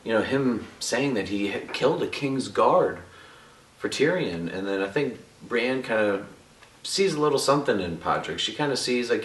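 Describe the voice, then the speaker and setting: A man's voice: mid-range voice, animated, normal speed, a bit bright, distant mic. A man giving a casual, jokey TV episode review with crude asides, loose and chatty. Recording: echoey room, voice a bit off-mic.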